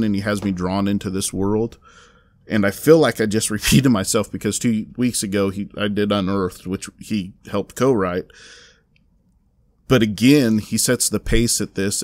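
A Southern man with a lowish voice chats through a comic plot on a podcast. He rambles and restarts, filling gaps with "uh". The sound is close and dry, with no room around it. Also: darkish tone, dry recording. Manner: rambling recap with many fillers and restarts. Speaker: podcast co-host reviewing comics. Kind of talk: casual podcast chat.

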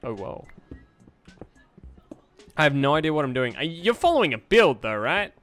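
A man's voice: fairly high pitch, big pitch swings, moderate pace, a bit bright, soft background music. A young man streaming a game, chatting casually with viewers, joking and greeting them with upbeat bursts. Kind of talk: casual gameplay chat with viewers.

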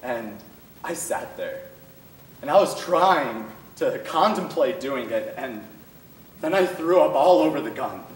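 A teenage boy performing a dramatic monologue for a speech competition, intense, swinging between loud outbursts and hushed lines. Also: mid-range voice, lively intonation, measured pace. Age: teens. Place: school performance room. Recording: echoey room, mic far off.

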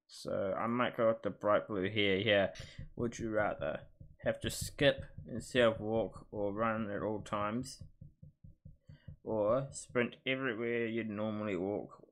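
Man, lowish voice, casual gaming commentary, thinks aloud, chatty, hesitant. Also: fairly bright tone. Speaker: gaming YouTuber. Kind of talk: casual commentary while playing a quiz.

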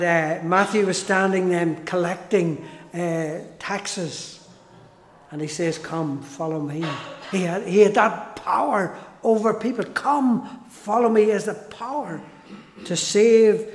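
A man delivers a sermon at a measured, unhurried pace, his voice sitting high for a man. He leans on repeated phrases for emphasis. The sound rings with a long, echoey church reverb. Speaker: preacher.

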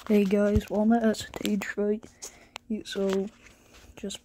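A woman's voice: mid-range voice, level tone, takes it slowly, background noise. A woman joining in a playful home video about pet snakes, teasing and joking.

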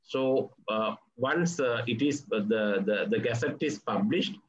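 A man, giving a formal presentation as a police official, in a halting delivery full of fillers. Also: mid-range voice. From Sri Lanka. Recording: dull lo-fi audio with faint background noise.

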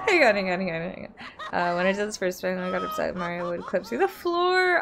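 Excitable Australian woman streaming a game. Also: mid-range voice, normal speed, gravelly, pauses often. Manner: excitable, yelps and laughs at the game. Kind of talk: live game-stream chat. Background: game music.

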